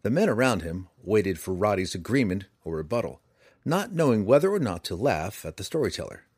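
A man reading a fantasy novel aloud with dramatic, expressive narration. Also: fairly low pitch, fairly quick, slightly rough, dry recording, clean studio sound. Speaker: audiobook narrator.

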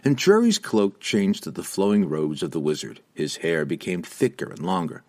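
A man narrating a fantasy audiobook with a dramatic, expressive reading. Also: sits low, normal speed.

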